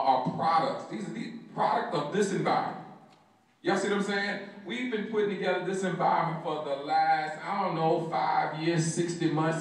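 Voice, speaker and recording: A man emceeing a meeting with energetic, repetitive hype, heard from far off in an echoey hall. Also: a little high. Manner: energetic, repeating hype phrases. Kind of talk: hyped live emcee talk.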